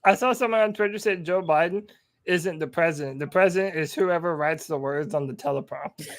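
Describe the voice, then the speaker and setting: Man, co-host, casual chat, brash and joking, smooth clear voice, slightly high, dry sound. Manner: brash, joking, quick promo delivery. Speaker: podcast co-host.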